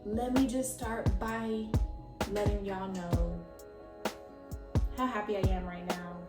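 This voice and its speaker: Excitable young woman chatting off-mic. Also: mid-range voice, slow, echoey room, distant mic, over loud music. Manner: excitable, chatty, full of "like" and laughs. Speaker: podcast host. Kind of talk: casual chat.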